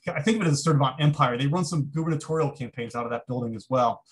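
A man's voice: mid-range voice, rapid-fire. A man giving a keynote talk, telling an anecdote in a conversational way with frequent restarts. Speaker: keynote speaker. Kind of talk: storytelling lecture.

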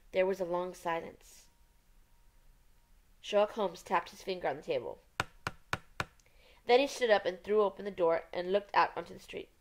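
A woman's voice: medium pitch, a little hiss or hum. Woman reading a storybook aloud. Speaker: audiobook reader. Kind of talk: storybook narration.

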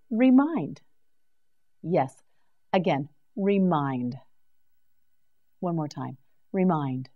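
A woman teaching English vocabulary in a slow scripted drill, enunciating each word clearly and patiently. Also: deep voice, dull audio.

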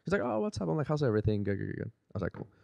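Fast-talking man with a gravelly voice. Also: on the low side, dry recording, muffled recording. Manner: animated storyteller acting out quotes. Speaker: guest. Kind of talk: casual storytelling chat.

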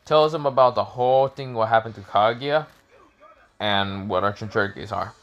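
A man's voice: fairly low pitch, normal speed, a bit bright, lo-fi sound. A young man improvising a fan story, rambling and profane, with many fillers and restarts.

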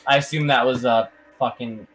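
A man playing a tabletop game in casual chat, animated and casually swearing. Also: medium pitch, moderate pace, over loud music, poor audio. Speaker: player.

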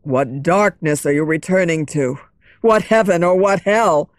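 A woman voicing a jealous, desperate young man who accuses his lover, in a lowered voice. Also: unhurried, no echo, studio quality, lightly acted. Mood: pleading. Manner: pleading, accusing.

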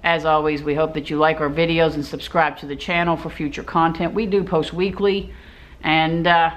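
A woman's voice: deep voice, flat delivery, moderate pace. A woman vlogger telling a travel story to camera in a chatty, easygoing way, laughing now and then.

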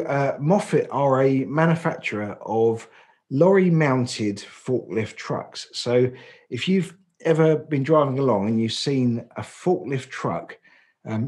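An English man co-hosting a podcast in a relaxed, informative chat. His voice sits at a middle pitch. He explains at length, with plenty of fillers and restarts along the way. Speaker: podcast co-host.

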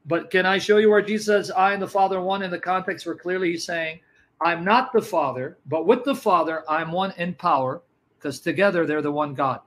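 A man's voice: high voice, brisk, a bit bright, low-quality recording. A man in a live religious debate, pressing his opponent with questions and reading scripture aloud. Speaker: Christian debater.

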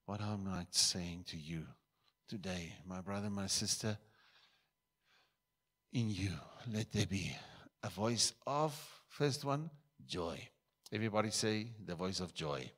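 A man with a somewhat low voice preaches a sermon to his church. He is from South Africa, and his delivery swings between forceful, raised bursts and soft, hushed asides. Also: lively intonation, slow, pauses often. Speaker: pastor.

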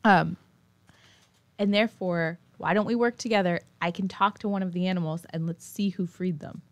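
A woman's voice: on the low side, fairly even intonation, normal speed, no echo. A woman playing a tabletop game, talking in a chatty, incredulous way. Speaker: player. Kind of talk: in-character tabletop play.

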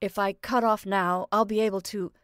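A woman's voice: mid-range voice, steady tone, normal speed, clear, resonant tone, no room sound, clean studio sound, natural voice. A woman voicing a shy, heartbroken young man in a storybook reading, speaking tersely. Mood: choked.

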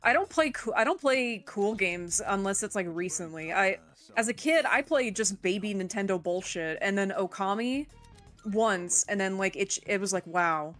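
A woman's voice: medium pitch, animated, normal speed, a bit bright, faint music behind. A woman co-hosting a game stream, chatting casually in a rambling way full of fillers. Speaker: co-host guest.

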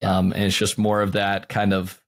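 A man hosting a podcast in a casual, reflective way. His voice sits on the low side, and he often closes his thoughts with a quick tag question. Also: completely flat delivery. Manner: reflective, frequent tag "right?". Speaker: podcast host. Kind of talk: casual interview chat.

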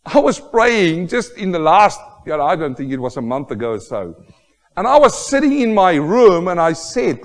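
A man preaching a sermon with emphatic, exclamatory delivery, building to loud rhetorical questions. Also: on the high side, sing-song, moderate pace, long reverb tail. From Australia. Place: church hall.

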